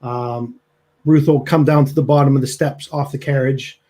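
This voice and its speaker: Mellow-voiced man running a tabletop game. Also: medium pitch, normal speed. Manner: relaxed, with many fillers. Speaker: game master.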